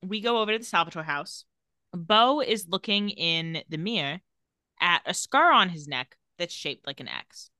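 A woman with a bright, forceful voice walks through a TV episode scene by scene for her co-host. She speaks close to the mic in a dead, dry room. Her delivery is chatty, and she laughs now and then. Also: lowish voice, normal speed, no echo. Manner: narrates plot, reads lines in flat put-on voices, laughs often. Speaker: podcast co-host recapping a TV episode. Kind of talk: casual recap chat.

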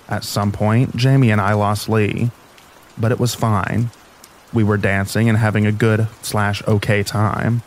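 A man reading first-person stories aloud in a calm, even storytelling voice, narrating as the show's reader. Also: lowish voice, a little hiss or hum, poor audio. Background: rain sounds.

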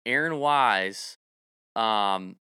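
Bright, crisp-voiced male podcast host. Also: fairly low pitch, drawn-out words, no room sound, clean studio sound. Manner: rambling, jokey, salesy announcements. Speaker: golf betting podcast host. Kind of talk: casual podcast chat.

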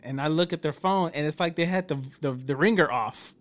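A man's voice: a little high, fast, hardly any pauses. A married man telling a story in casual chat, acting out the quotes with a lot of swearing. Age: adult, married. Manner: animated storyteller, acts out quotes, swears freely.

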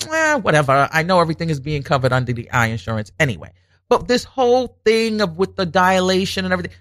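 A woman telling a personal story in a casual monologue, animated and emphatic, acting out the other people's lines as she goes. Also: lowish voice, no echo, studio quality. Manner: animated, acts out quoted dialogue, emphatic repetition.

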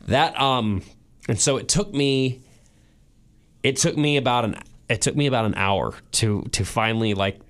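A man co-hosting a casual podcast, telling an emotional story with many restarts and pauses, teary at times. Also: lowish voice. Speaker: podcast co-host. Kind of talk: casual chat.

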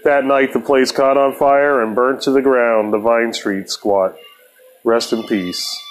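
A man's voice: mid-range voice, fairly even intonation, unhurried. Laid-back, foul-mouthed male storyteller. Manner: profane, laid-back, laughs often. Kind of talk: casual spoken story.

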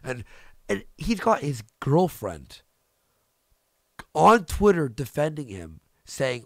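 Gravelly, ranting man. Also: on the high side, sing-song, slow, long pauses, dry recording, studio quality. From Canada. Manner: ranting, profane, repeats himself. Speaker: streamer host. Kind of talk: heated casual chat.

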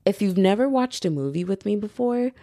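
A woman's voice: mid-range voice, animated, fairly quick, very noisy. A young woman hosting her own podcast, chatting casually and animatedly with lots of fillers. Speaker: podcast host. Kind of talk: casual solo podcast chat.

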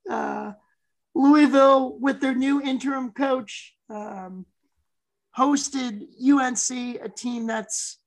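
A woman co-hosting a sports podcast in casual, excitable chat that often runs over her co-host. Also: high-pitched, slow pace, low-quality recording.

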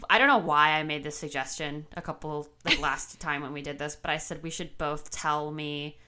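A woman's voice: low voice, steady tone, moderate pace, very noisy. A young woman co-hosting a podcast, rambling casually through self-deprecating stories. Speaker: podcast co-host. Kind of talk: casual chat.

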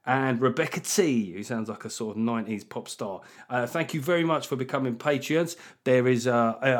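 A middle-aged man hosting a comedy podcast alone, talking in a sweary, self-mocking way with animated asides. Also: medium pitch. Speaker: podcast host. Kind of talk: solo comedy podcast monologue.

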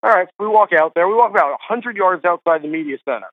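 A man, a golf writer, guesting on a podcast and telling stories in a chatty way with quick restarts. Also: high voice, animated, no room sound. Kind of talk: casual podcast interview chat. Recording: dry tinny phone line.

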